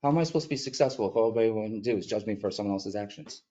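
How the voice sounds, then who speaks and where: Low, mellow man, heartfelt and halting at times, muffled lo-fi meeting audio. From upstate New York. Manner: earnest, heartfelt, halting with emotion. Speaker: mural artist addressing a village board. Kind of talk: emotional public comment. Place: public meeting room.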